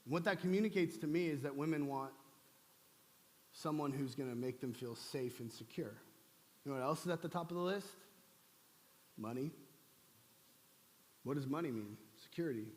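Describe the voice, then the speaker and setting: A man's voice: a little high, normal speed, long pauses. A man preaching in a church, humorous and conversational in manner. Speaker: pastor. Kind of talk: sermon. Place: church sanctuary. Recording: long church hall reverb.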